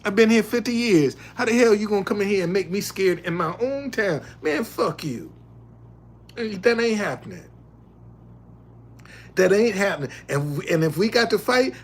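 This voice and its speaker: Older male streamer, high-pitched, emphatic profane storyteller, lively swings. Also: slightly rough. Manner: animated, loud retelling, drops low when reading chat. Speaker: live streamer. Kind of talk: casual live stream talk.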